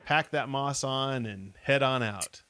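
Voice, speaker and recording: A man's voice: medium pitch, slow pace, pushed and bright, smooth. A man co-hosting a podcast who reads a kids' adventure book aloud steadily and adds wry comments. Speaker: podcast co-host. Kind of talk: casual live book reading.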